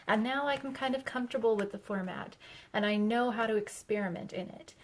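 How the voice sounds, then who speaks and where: Chatty young woman vlogging about planners. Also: medium pitch. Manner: chatty and self-deprecating, hedging with fillers. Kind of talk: casual talk to camera.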